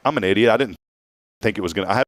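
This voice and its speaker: A low-voiced man hosts a morning show and tells a rambling story, laughing as he goes. The sound is close and dry, with no room around it. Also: fairly bright tone, no room sound. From Texas. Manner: storytelling, laughs often, drawn-out asides. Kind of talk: casual radio chat.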